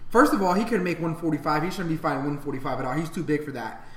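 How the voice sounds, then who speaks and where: A man co-hosting a podcast, joking and chatting casually in an excitable way. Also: fairly high pitch, racing. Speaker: podcast co-host. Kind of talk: casual chat. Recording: echoey room with faint noise.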